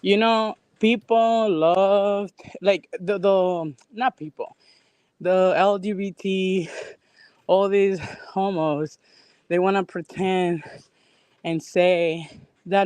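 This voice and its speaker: A woman guest on a livestream, out of breath from exercising, talking in halting, rambling bursts with many restarts. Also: medium pitch, fairly even intonation, a little mellow, clear, resonant tone, no echo. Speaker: call-in guest. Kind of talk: casual live-stream chat.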